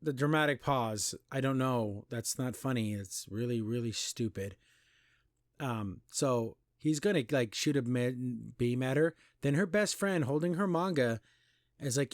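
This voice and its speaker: A man hosting a podcast, recapping and criticizing an animated pilot in casual, exasperated commentary with mocking quoted voices. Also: medium pitch, measured pace, no room sound, clean studio sound. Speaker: podcast host reviewing an animation.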